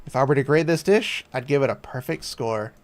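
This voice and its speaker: A man reading a kind male commander's game lines in a gentle, reassuring voice. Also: mid-range voice, fairly quick, lightly acted. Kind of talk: reading game dialogue aloud.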